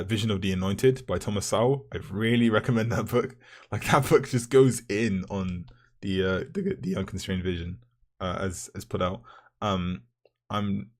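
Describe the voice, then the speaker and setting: A young man, a university student, rambling and ranting in a vlog with lots of swearing and filler words, his voice rough from the morning. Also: low-pitched. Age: young adult.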